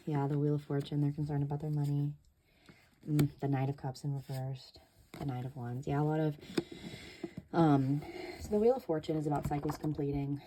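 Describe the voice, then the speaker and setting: A woman's voice: low voice, level tone, unhurried, long pauses, warm tone. A woman giving a casual tarot reading, chatty and loose, with many fillers and casual swearing. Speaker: tarot reader.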